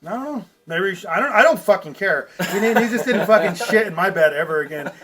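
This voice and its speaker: A man hosting a podcast, telling a profane, animated story and laughing as he goes. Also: high-pitched, fast, far from the mic, crowd noise. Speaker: podcast host. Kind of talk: casual storytelling. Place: outdoor front porch.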